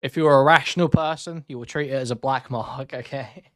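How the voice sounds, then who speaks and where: A man's voice: mid-range voice, brisk, fairly bright tone, dry recording, studio quality. A man streaming live, talking in a blunt, sarcastic, rambling way as he reacts to chat. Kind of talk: casual live-stream commentary.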